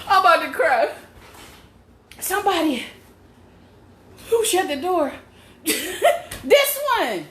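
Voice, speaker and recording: Loud freaked-out lady on her phone cam, high bright voice, echoey room. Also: sing-song, slow pace, pauses often. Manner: loud, laughing, cursing, frantic. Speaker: vlogger. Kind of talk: panicked live vlog to viewers. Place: home indoors.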